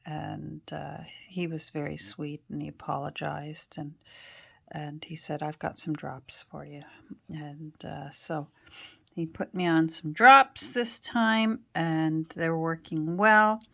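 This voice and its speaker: Woman from canada rambling along about her crafts, lowish voice, takes her time. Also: steady tone, slow, gravelly, a bit bright. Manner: chatty, rambling with fillers and restarts. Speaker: craft vlogger. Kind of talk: casual chat while crafting. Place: home craft studio.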